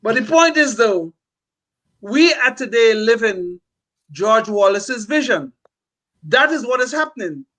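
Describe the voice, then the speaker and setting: A man's voice: very high voice, big pitch swings, measured pace, long pauses, bright, forceful tone, poor audio. An older man talking as a podcast co-host, impassioned and emphatic, often repeating words as he builds a point. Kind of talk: opinionated political talk.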